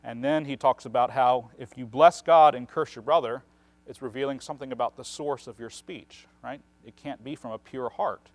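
A man teaching on the Bible in a relaxed, conversational way, explaining at length and often checking in with a questioning "right?". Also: mid-range voice, moderate pace, no echo.

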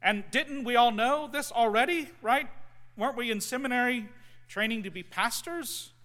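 A man in his forties preaching a conversational sermon, with frequent ums and phrase ends that trail off softly. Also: extremely high pitch, moderate pace. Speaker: pastor. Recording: long hall reverb.

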